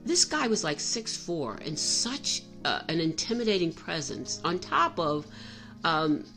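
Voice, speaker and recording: A woman's voice: sits low, sing-song, a little slow, a bit bright, soft background music. Candid middle-aged woman telling a story. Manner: candid, self-reflective, frequent restarts. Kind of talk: personal storytelling monologue.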